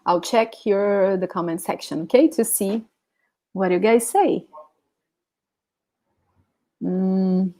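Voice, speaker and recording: Woman, Brazilian accent, language teacher, slow careful pace, explains, checks understanding, laughs easily. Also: mid-range voice, mellow. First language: Portuguese. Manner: patient, explanatory, checks in with "okay?", laughs often. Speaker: Portuguese teacher. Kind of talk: live online language class.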